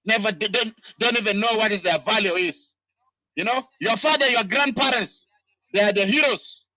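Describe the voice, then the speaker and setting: Angry high-pitched man ranting. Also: fairly quick, sharp tone, dry recording, low-quality recording. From South Sudan. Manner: angry, ranting, peppered with "you know". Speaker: diaspora political commentator. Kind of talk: impassioned political monologue.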